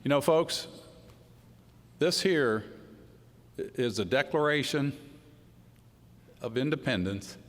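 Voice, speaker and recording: A man's voice: mid-range voice, expressive, takes it slowly, pauses often. A middle-aged man giving a folksy, unscripted political speech, telling stories to a crowd. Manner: folksy, storytelling, says y'all. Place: large hall before a crowd. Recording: hall reverb with crowd.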